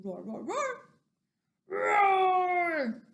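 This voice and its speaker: A woman voicing a tough, loud little dinosaur boy who roars and shouts to win everything, for a children's picture book story time. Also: very high voice, wildly swooping pitch, very slow, highs cut off, voice pushed up, full character voice. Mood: roaring. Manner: roaring, shouting. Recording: roomy echo.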